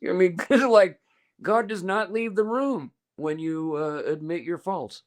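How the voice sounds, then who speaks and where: High-voiced and measured in pace, an older guest musician talks in a relaxed conversation. His storytelling wanders, and he keeps breaking off to start his sentences over.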